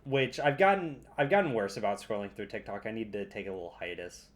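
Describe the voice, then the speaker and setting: A young man co-hosting a podcast, chatting loosely, swearing and breaking into loud laughter. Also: on the low side, fast. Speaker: podcast co-host. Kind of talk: casual chat.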